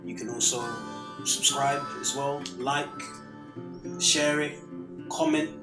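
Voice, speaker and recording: Man hosting a relaxed food chat. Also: medium pitch, takes it slowly, over music. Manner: relaxed, laughs often, says "innit". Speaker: host. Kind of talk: casual chat.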